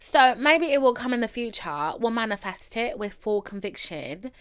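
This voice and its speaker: A young woman hosts her own comedy podcast and tells stories with sass and plenty of swearing. She has a bright, sharp voice that sits a little high. She swings from loud exclamations down to hushed, secretive whispers. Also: expressive, moderate pace, clear, resonant tone. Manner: profane, sassy storytelling. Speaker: podcast host. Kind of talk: comedic solo podcast monologue.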